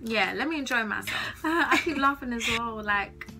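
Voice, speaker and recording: Bright, giggly young woman vlogging. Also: fairly high pitch, animated, normal speed, creaky. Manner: giggly, gushing, slangy. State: a little nervous. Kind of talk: casual chat to camera. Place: her bedroom.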